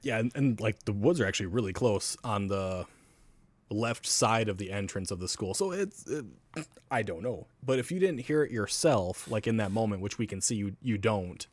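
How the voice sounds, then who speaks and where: A man's voice: fairly low pitch, animated, moderate pace. A man chatting casually on a podcast about a possible haunting, talking loosely and swearing freely. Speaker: co-host.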